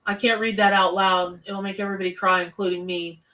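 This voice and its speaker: A woman's voice: mid-range voice, level tone, fairly quick, sharp tone, recorded from a distance. A woman, live-streaming a tarot reading from her home office, chatty and effusive as she greets viewers. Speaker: tarot reader on a livestream.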